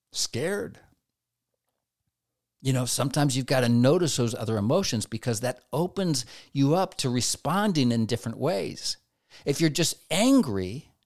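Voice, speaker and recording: A man giving a conversational Christian teaching talk, acting out everyday dialogue in quoted asides. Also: medium pitch.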